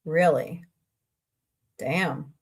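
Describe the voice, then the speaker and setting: A woman's voice: sits low, very slow, husky. Chatty middle-aged woman hosting a stream. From Southwest Missouri, USA. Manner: chatty, rambling, answering chat messages. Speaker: livestream host. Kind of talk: casual livestream chat.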